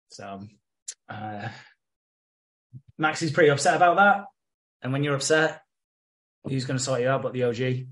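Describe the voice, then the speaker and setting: A man from England, podcast co-host, casually recapping soap episodes with lots of swearing and quick quoted lines. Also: medium pitch, a bit bright. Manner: sweary, retells scenes with quick quoted voices.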